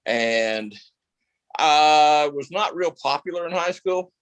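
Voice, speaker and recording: A man's voice: a little high, lively intonation, takes it slowly, a bit bright, clear, resonant tone, no room sound, rough recording. A male actor guest telling stories in a casual interview, rambling with lots of fillers and restarts.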